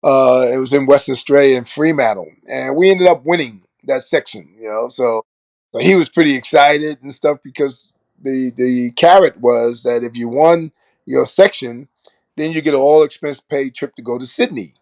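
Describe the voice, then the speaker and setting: Older man from Brooklyn spinning animated stories. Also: mid-range voice, moderate pace, gravelly, no room sound. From Brooklyn, New York. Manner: animated storyteller who acts out quoted lines and laughs often. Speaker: former basketball player and coach, interview guest. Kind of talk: casual interview storytelling.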